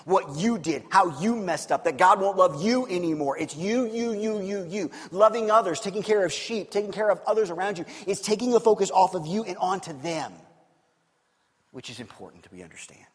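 A man preaching a sermon as pastor, telling stories with animated swings between loud emphasis and hushed, quiet passages. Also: high-pitched, a little fast, big-room sound.

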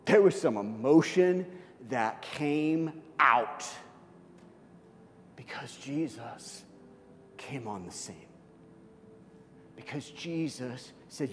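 A male pastor delivering a sermon at a middle pitch, voice ringing with long reverb in a large hall. His delivery is dramatic, rising to loud, high outbursts and falling to near-whispers. A faint low rumble sits underneath. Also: expressive, takes it slowly, pauses often. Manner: dramatic, swings from loud and high to soft and hushed.

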